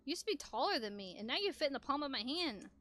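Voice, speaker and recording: A woman's voice: sits high, big pitch swings, quick pace, sharp tone, full character voice. A woman voicing a young robot caretaker who talks in a stiff, formal way in a game. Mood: anxious.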